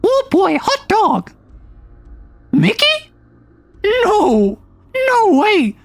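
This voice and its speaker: A streamer doing a strained, very high impression of an excitable male cartoon mouse. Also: drawn-out words, faint music behind, heavily acted. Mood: gleeful. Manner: excited exclamations. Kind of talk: impression during a livestream.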